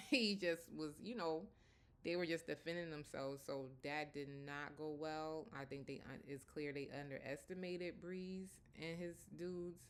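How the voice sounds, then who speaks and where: A woman's voice: sits low, fairly even intonation, measured pace, clean tone. A woman casually recapping a TV episode, chatty and often breaking into laughter. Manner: chatty, laughs often, lots of 'like' and 'you know'. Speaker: TV episode reviewer.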